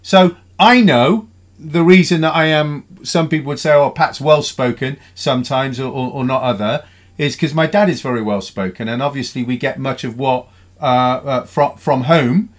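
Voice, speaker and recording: A man with a Bristol accent hosting a radio phone-in, reading out listener messages in a relaxed, thinking-aloud way. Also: medium pitch, normal speed.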